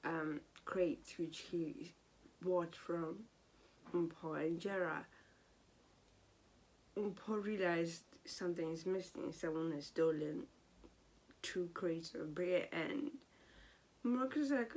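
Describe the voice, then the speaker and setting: A woman giving a casual, animated and exasperated recap of a soap opera episode. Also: lowish voice, slow, pauses often.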